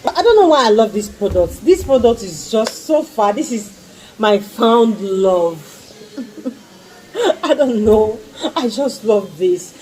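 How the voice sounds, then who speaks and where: A woman's voice: a little high, big pitch swings, slow pace, a little mellow, a little hiss or hum, low-quality recording. A woman reviewing skincare products in a casual vlog, gushing and repeating her exclamations and pleas. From Nigeria. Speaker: skincare vlogger.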